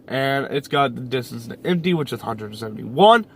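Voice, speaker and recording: A man's voice: medium pitch, lively intonation, moderate pace, a little hiss or hum. A young man chatting casually in a car vlog, rambling with lots of fillers and repeated phrases, recorded by a camera on the dashboard inside his parked car. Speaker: YouTuber. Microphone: camera mounted on the dash.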